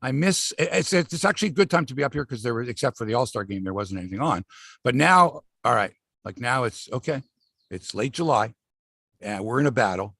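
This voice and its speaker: Gravelly, animated middle-aged man. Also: mid-range voice, a little fast, no room sound, clean studio sound. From Canada. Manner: animated, profane, acts out quotes from players. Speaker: sports podcast host. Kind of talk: casual sports talk. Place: outdoor studio by a lake.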